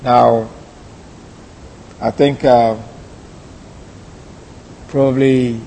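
A man teaching a Bible lesson, deliberate and repeating key phrases. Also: medium pitch, little pitch movement, creaky, dark tone, a little hiss or hum. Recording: long hall reverb.

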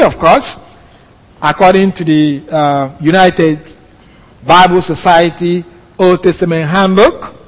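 A man with a high voice gives a verse-by-verse Bible lesson, explaining each point slowly. His delivery is measured and careful, and he sometimes stops to correct himself. The sound rings with the long reverb of a hall. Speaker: Bible teacher.

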